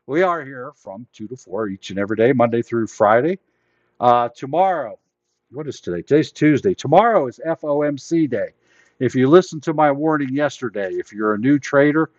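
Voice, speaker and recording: A man's voice: on the low side, a little mellow, dry recording, lo-fi sound. A man hosting a live trading lesson, explaining orders in a rambling, plain-spoken way while losing his voice. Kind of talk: casual live teaching.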